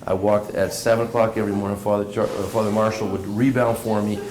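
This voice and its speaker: A middle-aged Canadian man tells his stories quickly and with energy, often doubling up his words. His voice sits fairly low. He was recorded at a café table in an echoey room, with steady noise in the background. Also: a crowd in the background. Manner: animated, repeats words while telling stories. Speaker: guest, business owner. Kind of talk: casual interview storytelling.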